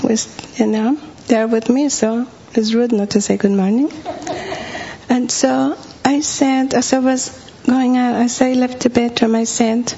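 A woman's voice: a little high, steady tone, measured pace, warm tone. A woman preaching in a storytelling style, acting out the lines she once said. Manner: vivid storytelling, acting out her own quoted words. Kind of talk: sermon storytelling. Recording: dull lo-fi recording with faint hum.

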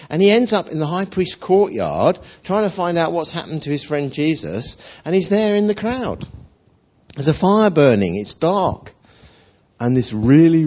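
Animated husky-voiced male preacher. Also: fairly high pitch. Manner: animated, acts out voices of figures, conversational. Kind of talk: lively storytelling sermon. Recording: dull lo-fi recording.

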